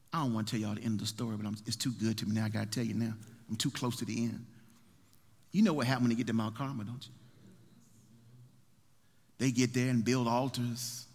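Forceful bright-voiced man preaching. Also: medium pitch. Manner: dramatic, folksy storytelling preaching. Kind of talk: sermon. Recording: long hall reverb.

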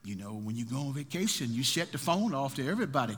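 A man's voice: mid-range voice, big pitch swings, fast talker, a little hiss or hum. A man preaching a sermon, retelling a story in a dramatic, folksy way. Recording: long hall reverb.

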